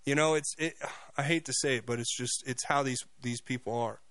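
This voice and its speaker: A man's voice: mid-range voice, fairly bright tone, no echo. A male radio talk show host giving a mocking, opinionated monologue with many restarts and repeated words. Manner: fast, mocking, repeats himself.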